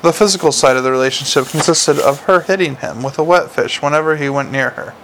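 A man's voice: on the high side, fast, a bit bright, slight background noise, low-quality recording. A man doing a prickly werewolf policewoman. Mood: defensive. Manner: defensive, clipped.

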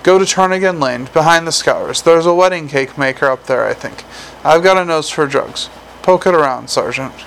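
A man voicing a gruff, tired city watch commander who gives brisk orders. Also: a little high, a bit bright, a little hiss or hum, rough recording. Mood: commanding. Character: gruff weary middle-aged male city watch commander.

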